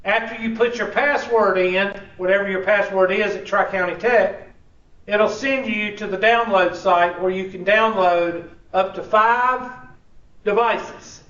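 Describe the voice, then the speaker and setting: A man's voice: high-pitched, fairly even intonation, measured pace, sharp tone. A man, teaching a college class in a casual, joking way. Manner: casual, joking, drawling with y'all. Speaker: college instructor. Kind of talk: classroom instruction. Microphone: room recording from a distance. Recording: echoey, distant, dull classroom recording.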